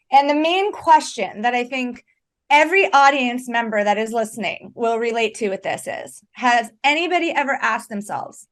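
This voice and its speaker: A woman talking as a recovery coach in an earnest, conversational way, emphatic and often checking in with "right?". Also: a little high. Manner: emphatic, animated, repeats "right?".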